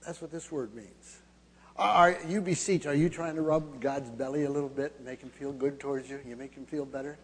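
Halting preacher man in a reverberant hall. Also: medium pitch. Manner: halting, many fillers and restarts, grows emphatic. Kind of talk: sermon.

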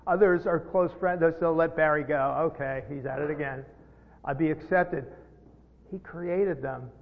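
A middle-aged man preaching a sermon as pastor, earnest and halting, with repeated words, rising to emphatic peaks. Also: a little high. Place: church sanctuary. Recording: dull sound with long hall reverb.

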